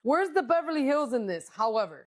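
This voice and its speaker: A woman with a high voice gossips on a podcast, swearing freely and dropping Spanish words into her English. Her talk is loose and chatty, full of strong opinions. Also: very animated, fairly quick. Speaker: podcast co-host. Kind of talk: casual chat.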